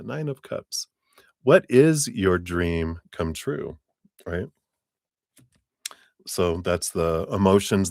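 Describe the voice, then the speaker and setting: Man, very low voice, tarot reader on a live stream, chatty with lots of fillers, dry close sound. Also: no room sound. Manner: chatty, laughs often, many "you know" fillers.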